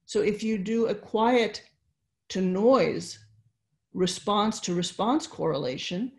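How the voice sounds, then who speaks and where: An older woman lectures over a webinar, speaking slowly and deliberately. She explains each point step by step, with pauses and fillers along the way. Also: mid-range voice. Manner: slow, explanatory, with fillers and restarts. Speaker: neuroscience lecturer. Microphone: computer mic on video call.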